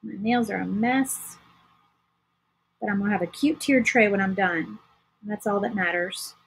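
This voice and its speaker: A woman's voice: mid-range voice, normal speed, a little hiss or hum, low-quality recording. A woman hosting a casual crafting livestream, chatting to viewers while she paints. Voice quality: very husky.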